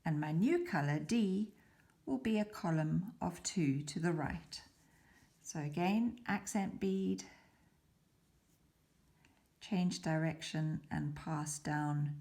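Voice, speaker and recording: Unhurried and low-voiced with a darkish tone, a woman patiently and methodically demonstrates beading in careful steps. As a tutor, she occasionally drops to a whisper while working.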